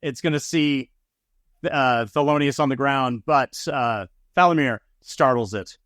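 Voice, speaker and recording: A man runs a tabletop game in a laid-back, easygoing way, stumbling over his own words and chuckling as he narrates. His voice is smooth and clear. The recording is close and dry. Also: medium pitch, unhurried, fairly bright tone, no echo. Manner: laid-back, chuckling, with many fillers and restarts. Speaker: game master. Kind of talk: running a tabletop game for a podcast.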